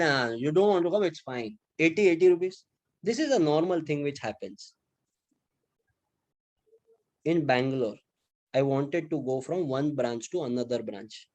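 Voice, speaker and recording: A man from Mumbai with an Indian English accent, a lecturer telling chatty anecdotes to his students in a casual classroom style. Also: a little high. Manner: chatty, animated anecdotes with acted-out quotes.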